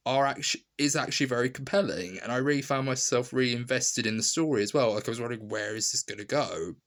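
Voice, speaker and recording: Chatty man with a bright, tense voice. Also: mid-range voice. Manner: rambling, many ums and restarts, laughing asides. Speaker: film reviewer. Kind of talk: casual spoken review.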